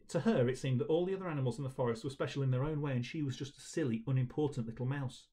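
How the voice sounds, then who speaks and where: A man reading a storybook to children at a school assembly, gentle and encouraging in his delivery. His voice sits at an ordinary pitch and stays warm in tone, paced for young listeners. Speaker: teacher leading an online school assembly.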